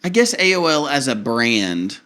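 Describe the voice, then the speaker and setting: A man's voice: mid-range voice, big pitch swings, measured pace, pushed and bright. A man, a pastor co-hosting a casual podcast and teasing his wife. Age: 30s. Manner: laid-back, self-deprecating, teasing. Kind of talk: casual chat.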